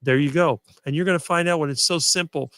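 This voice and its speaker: Middle-aged male guest, smooth talker with no ums, dry close mic. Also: a little high, a bit bright, no room sound. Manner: fluent and quick, few fillers. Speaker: guest on a diet talk show. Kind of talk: casual conversation on a live stream.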